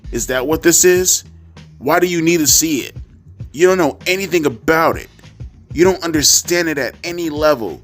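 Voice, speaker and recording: A man reading a grandiose male wrestler's speech aloud in a mocking, overblown way that builds to shouts. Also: a little high, moderate pace, soft background music, voice pushed up, lightly acted. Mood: mock intense. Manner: mock-dramatic, rising to shouts.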